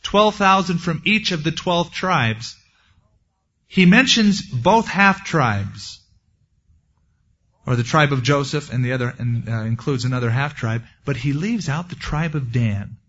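A man's voice: fairly high pitch, lively intonation, measured pace, fairly bright tone. A man preaching a verse-by-verse sermon as a pastor, in a conversational way with folksy asides. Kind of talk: expository sermon. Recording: dull lo-fi recording.

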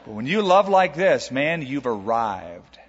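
A man preaching a sermon to a congregation, animated, stretching out key words and putting rhetorical questions to the listeners. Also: medium pitch, measured pace, breathy edge. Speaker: pastor. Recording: long hall reverb, dull lo-fi sound.

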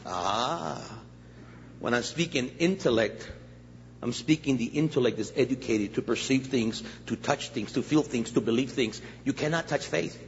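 An older male guest pastor preaching a sermon with jokes and stories, animated and laughing at his own lines. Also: mid-range voice, moderate pace. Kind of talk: humorous storytelling sermon. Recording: echoey church hall, dull muffled sound, faint hiss.

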